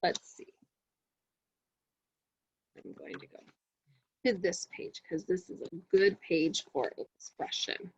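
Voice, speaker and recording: A woman teaching a kindergarten reading lesson to children in an expressive, sing-song way. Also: fairly low pitch, takes it slowly, creaky, long pauses, breathy edge, no room sound, highs cut off.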